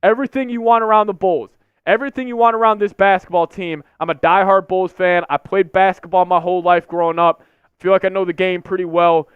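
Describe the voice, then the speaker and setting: A man's voice: sits high, fairly even intonation, a little fast, clear, resonant tone, dry recording. A young man hosting a live sports stream, ranting in frustration and repeating himself. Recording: slightly dull lo-fi stream audio.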